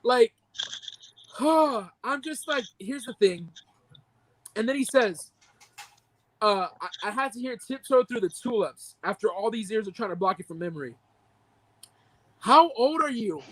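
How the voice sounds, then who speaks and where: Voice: mid-range voice, lively intonation, a little slow, pauses often, fairly bright tone, a little hiss or hum, low-quality recording. A young adult podcast co-host giving a heated, profane, indignant rant about a movie review. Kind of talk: ranting movie-review reaction.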